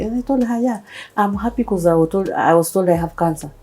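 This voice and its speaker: A Kenyan woman in her thirties tells her own story as an interview guest. Her voice sits a little low and mellow, and she brings the people in her story to life as she tells it. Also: fairly quick, breathy edge, poor audio. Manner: animated storytelling, acting out quoted voices. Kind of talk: personal testimony interview.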